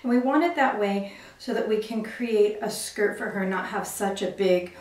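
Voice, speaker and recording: A middle-aged woman giving a step-by-step cake decorating lesson, explaining each move gently and carefully. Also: mid-range voice, moderate pace, a little hiss or hum. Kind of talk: step-by-step demonstration. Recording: echoey room.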